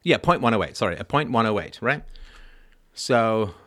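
A man with a somewhat low voice delivers news commentary, reading reports aloud and then cutting in with mocking asides. His sarcasm jumps up in pitch and volume before falling back to a dry mutter. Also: expressive, normal speed. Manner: mocking, wry asides, swings from loud sarcasm to mumbled remarks. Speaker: podcast host.

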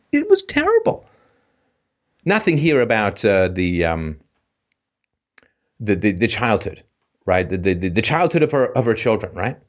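A man hosting a call-in show, ranting sarcastically and with animation. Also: a little high. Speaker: host.

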